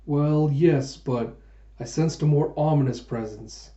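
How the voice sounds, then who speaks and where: Male reader voices vain young gallant, suave and polite, mellow tone. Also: a little high, measured pace, natural voice. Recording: echoey room, dull sound.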